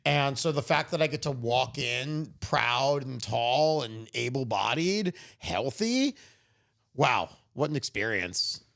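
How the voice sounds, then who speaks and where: A man in his thirties co-hosting a podcast, telling a story in casual chat, animated and swearing freely. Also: medium pitch, slow, vocal fry. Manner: animated, swearing, acts out quoted voices. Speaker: podcast co-host.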